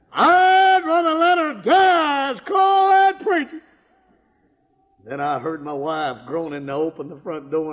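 Older man, preacher testimony, impassioned, dull recording, long church hall reverb. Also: fairly high pitch. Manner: impassioned, swings from hushed to shouting. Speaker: preacher giving his testimony. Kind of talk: sermon testimony.

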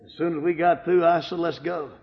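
A man preaching a folksy testimony sermon and telling his story, breaking into sudden shouts. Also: on the high side, level tone, fast talker. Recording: echoey hall, dull lo-fi sound.

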